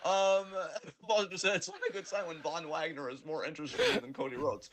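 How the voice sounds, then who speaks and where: A man's voice: high-pitched, big pitch swings, a little fast, a bit bright. A man co-hosting a podcast, ranting in casual, profane, rambling chat. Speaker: podcast co-host.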